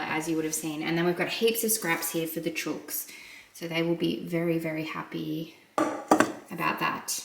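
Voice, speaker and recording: A woman chatting casually to camera as a lifestyle vlogger, excitable and quick to run out of breath. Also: lowish voice, slight background noise. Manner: excitable, talks fast and forgets to breathe. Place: home kitchen, indoors. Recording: roomy echoey room.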